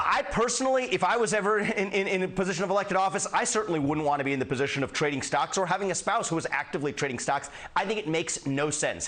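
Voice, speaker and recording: A man being interviewed on a news show, explaining his view in an earnest, measured way. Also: fairly high pitch, a bit bright. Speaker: interview guest.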